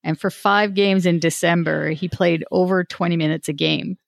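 A woman's voice: fairly low pitch, steady tone, normal speed, gravelly, no echo, clean studio sound. A woman co-hosting a podcast in casual sports chat, talkative and laughing often, with many restarts. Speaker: podcast co-host.

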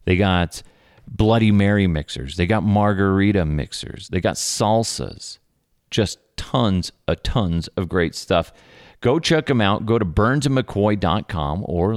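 A man's voice: low-pitched, dry recording, clean studio sound. A man in his thirties hosting a podcast, telling rambling stories about his kids in a casual chat. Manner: rambling, animated storytelling with laughs. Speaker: podcast host.

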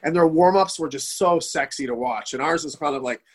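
A man's voice: a little high, a little fast, husky. A middle-aged man from the Detroit area, telling a hockey story in casual conversation, swearing and acting out what others said. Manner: storytelling, animated, swearing, acts out quotes. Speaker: guest, former youth hockey goalie.

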